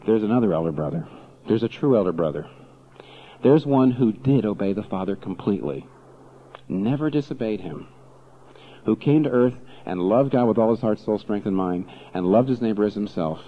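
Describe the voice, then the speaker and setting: A man preaching a sermon as pastor, animated and full of rhetorical questions. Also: fairly low pitch, normal speed, narrow, tinny audio, a little hiss or hum.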